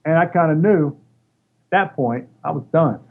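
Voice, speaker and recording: A gravelly, fairly high-pitched male voice at normal speed belongs to a former wrestler telling casual stories in an interview. He's animated and acts out the quoted voices of others. The audio is dull and lo-fi, with a little noise.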